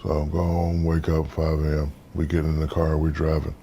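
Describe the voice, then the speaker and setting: A man in his fifties from the United States, an interview guest telling stories in a relaxed, casual way and acting out the voices in them. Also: very deep voice, normal speed, slight background noise. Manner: relaxed storyteller, acts out quoted dialogue.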